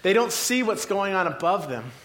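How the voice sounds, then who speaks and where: A male preacher retelling a scripture story vividly, like a film scene, with dramatic pauses. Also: high voice, sing-song, fairly bright tone.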